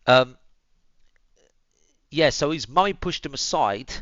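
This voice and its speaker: A man's voice: on the high side, lively intonation, slow pace, a bit bright, no room sound, dull audio. A young man, telling a story to his viewers in casual chat, swearing freely and calling them boys and bro, muttering asides while he tends his dog. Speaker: streamer.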